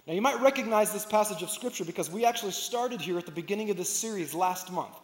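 A man's voice: sits high, lively intonation, fast, hardly any pauses. A male pastor preaching a sermon, earnest and repeating phrases for emphasis. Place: church sanctuary. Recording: echoey hall.

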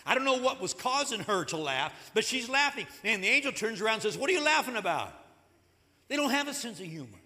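A man preaching a sermon in a church, conversational and animated, acting out the stories as he goes. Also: sits high, fast, few pauses. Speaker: pastor. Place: church sanctuary. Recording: echoey hall.

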